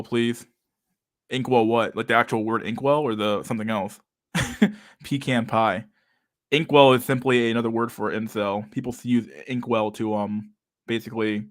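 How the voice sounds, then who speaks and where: A man's voice: medium pitch, no echo, clean studio sound. A young man hosting a casual livestream chat, talking with a lisp and a stutter and many fillers as he reads out chat messages. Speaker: livestream host reading chat.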